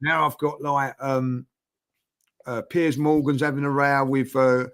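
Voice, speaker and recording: A man's voice: medium pitch, little pitch movement, a little slow, a bit bright. A man, a guest in a casual chat, telling a long story with lots of fillers and acting out the voices of people he quotes. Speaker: podcast guest.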